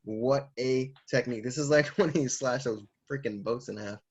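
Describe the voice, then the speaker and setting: A man's voice: medium pitch, moderate pace, breathy edge, dull audio. A man casually recapping a comic chapter, laughing and acting out the characters' lines as he goes. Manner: animated, laughing, acts out lines. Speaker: manga reviewer. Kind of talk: casual comic read-through.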